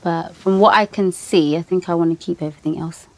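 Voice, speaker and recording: A British woman is interviewed in a candid documentary, answering questions casually and hesitantly with lots of fillers. Her voice is lowish and steady, a little fast, and there's a slight hiss or hum on the recording.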